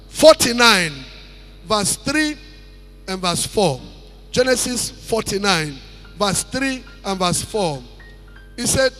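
A man delivers a sermon in a high, bright, gravelly voice that swings widely in pitch. He speaks slowly and emphatically, repeating key lines and calling out praise between points. His words ring through a large hall, with faint music underneath. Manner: emphatic, repeats phrases, interjects praise calls. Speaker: preacher. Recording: long hall reverb.

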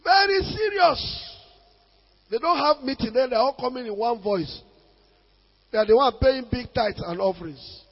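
A Nigerian man preaching a sermon as a pastor, emphatic, with sudden loud bursts. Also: extremely high pitch, moderate pace, slightly rough, long reverb tail, highs cut off.

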